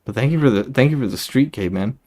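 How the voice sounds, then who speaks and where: A man streaming a video game live, chatting with viewers between bursts of excitement. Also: medium pitch, quick pace. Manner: excitable, thanks viewers, reads game dialogue aloud. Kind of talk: live gameplay commentary.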